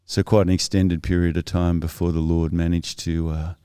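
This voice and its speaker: Man, podcast guest, low smooth voice, earnest and reflective, dry close sound. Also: level tone, normal speed, mellow, dry recording. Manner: earnest, thoughtful, with frequent self-corrections. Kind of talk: reflective interview storytelling.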